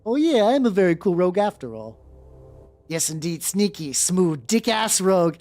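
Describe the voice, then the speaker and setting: A streamer playing a video game, reacting aloud with swearing and reading the game's text out loud. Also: mid-range voice, very animated, normal speed. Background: faint background music.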